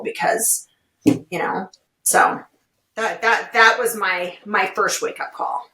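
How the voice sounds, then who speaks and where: Her voice sits in the mid range and moves at a measured pace as she guests on an interview podcast, drawing on her work as a legal well-being director. Casual and animated, she retells stories expressively, and the distant mic gives the sound a roomy feel.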